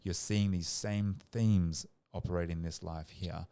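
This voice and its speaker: A man, a psychotherapist guest on a podcast, telling stories in a lively, relaxed and slightly sweary way. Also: low-pitched, a little slow, smooth. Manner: animated storyteller, relaxed and a bit sweary. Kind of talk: casual podcast conversation.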